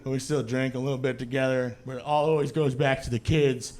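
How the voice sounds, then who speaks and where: A man's voice: mid-range voice, flat delivery, fairly quick, a little mellow, reverberant. A man performing stand-up comedy, telling stories in a conversational style with punchy asides, on a handheld stage mic. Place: comedy venue with a live audience.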